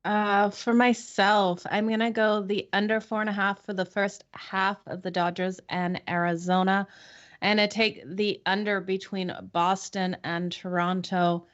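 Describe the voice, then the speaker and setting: A woman's voice: medium pitch, level tone, unhurried, lo-fi sound. Casting: female betting panelist, mid-range voice, brief and offhand. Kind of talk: casual chat.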